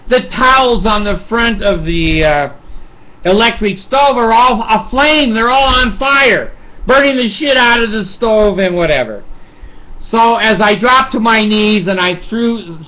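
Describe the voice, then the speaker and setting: High, bright-voiced older man rambling. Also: expressive, a little slow, low-quality recording. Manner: rambling, profane, chuckles often. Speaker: vlogger. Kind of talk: casual storytelling monologue.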